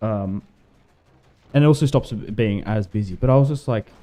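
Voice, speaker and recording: A livestream gamer with a lowish, warm voice chats casually with his stream at a normal pace while playing a strategy game. He rambles along, filling gaps with fillers and laughter.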